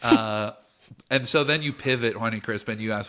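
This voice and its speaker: A man's voice: lowish voice, moderate pace, sharp tone, smooth. A man narrating as game master of a tabletop game on a livestream, in a playful way with frequent laughter.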